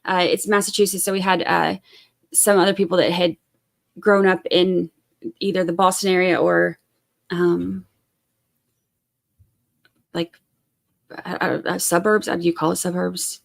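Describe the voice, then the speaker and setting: A woman's voice: on the low side, level tone, measured pace, gravelly, pauses often. A woman from Georgia, hosting a true crime live stream and chatting casually with viewers in a rambling way. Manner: chatty and rambling, full of fillers and asides.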